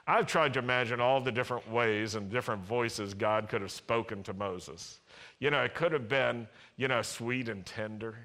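A male pastor preaching a sermon in an animated way, acting out voices and having the congregation repeat lines after him. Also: medium pitch, normal speed.

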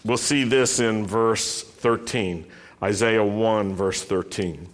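A man preaching a sermon, speaking deliberately and lifting his voice when he reads a passage aloud. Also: fairly low pitch. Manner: slow, deliberate delivery with emphatic rising quotations.

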